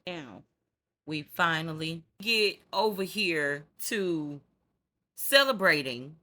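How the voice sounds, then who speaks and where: Sassy woman with a bright, forceful voice. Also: deep voice, animated, takes it slowly. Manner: sassy, slangy, talks straight to viewers. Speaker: reality TV recap host. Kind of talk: casual recap commentary.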